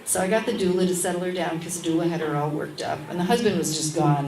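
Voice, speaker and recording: A woman midwife speaking as an interview guest, telling a lively anecdote and acting out the voices of the people in it. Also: on the low side, fast talker, reverberant, distant mic, crowd noise, rough recording. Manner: animated, acts out the voices in her stories. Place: restaurant at a lunchtime public talk.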